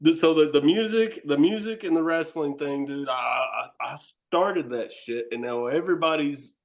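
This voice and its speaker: A man's voice: on the high side, moderate pace. A man talking as a podcast guest, telling rambling, profane stories and laughing often as he goes. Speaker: guest, wrestler and horror host. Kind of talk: casual podcast chat.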